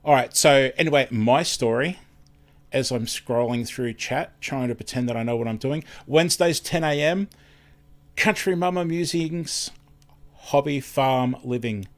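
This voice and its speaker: A man's voice: medium pitch, measured pace. An Australian man hosting a live stream in casual chat, rambling, self-deprecating and tripping over his words.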